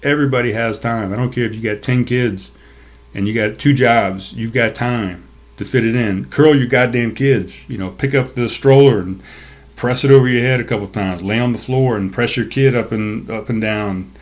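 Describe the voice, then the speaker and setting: A man's voice: mid-range voice, normal speed. A man hosting a solo podcast from his desk, ranting in a fired-up, profane way into a desk microphone. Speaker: podcast host. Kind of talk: casual solo podcast monologue. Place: seated at a desk.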